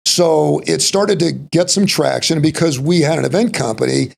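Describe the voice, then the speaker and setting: Middle-aged Texan man, Texas accent, chatty interview guest, heavy gravel, husky tone. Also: on the high side, normal speed. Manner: rambling, folksy, full of "you know" and "like". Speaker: podcast guest. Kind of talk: casual interview storytelling.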